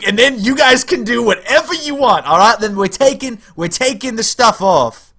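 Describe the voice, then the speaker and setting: A man's voice: sits high, lively intonation, slow pace, sharp tone. A young man casually commentating his strategy game on a livestream, giggling often and rambling to his chat. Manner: giggly, rambling, chats with viewers. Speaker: streamer playing a strategy game.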